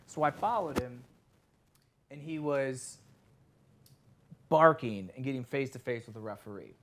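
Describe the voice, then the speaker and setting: A man telling a story on a podcast, his voice sitting a little high. He is animated and casual, and he acts out the other people's lines as he goes. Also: slight background noise. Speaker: sports reporter, podcast guest.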